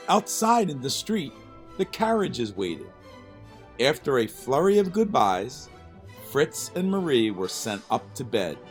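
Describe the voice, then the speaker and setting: A man reading a children's storybook aloud with expressive narration. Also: medium pitch, unhurried. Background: faint music.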